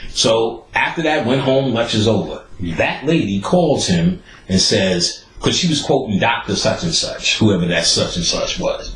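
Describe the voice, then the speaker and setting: A man hosting a podcast, telling stories in a profane, animated way and acting out the people he quotes. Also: on the low side, reverberant, poor audio. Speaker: podcast host. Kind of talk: casual storytelling monologue.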